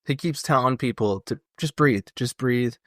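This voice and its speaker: A man co-hosting a podcast in casual chat, adding short agreements and quick jokes. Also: mid-range voice, fairly bright tone, dry recording, clean studio sound. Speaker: podcast co-host. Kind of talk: casual film discussion.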